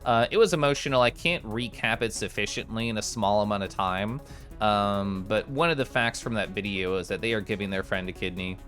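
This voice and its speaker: A man streaming live, chatting casually with his viewers and answering chat with bubbly, excited exclamations. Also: fairly low pitch, a little fast, faint music behind.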